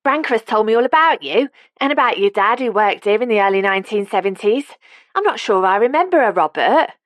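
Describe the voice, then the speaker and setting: A woman's voice: medium pitch, animated, brisk, fairly bright tone, no echo, pitched above the performer's own voice, natural voice. A woman voicing a practical, no-nonsense elderly woman who speaks with a Cockney accent. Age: older.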